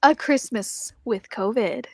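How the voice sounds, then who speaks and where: A woman co-hosting a casual podcast, chatting with quick asides. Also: fairly high pitch, a little mellow, no room sound, clean studio sound. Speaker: podcast co-host.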